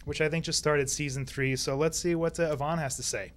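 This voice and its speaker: A man's voice: a little high, steady tone, a little fast. A man with a Brooklyn accent hosting a live gaming show in an upbeat, joking way. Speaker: host. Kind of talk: live web show chat.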